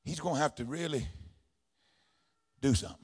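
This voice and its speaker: Raspy high-voiced preacher man. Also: normal speed. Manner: swings from hushed low talk to shouted preaching. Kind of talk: sermon.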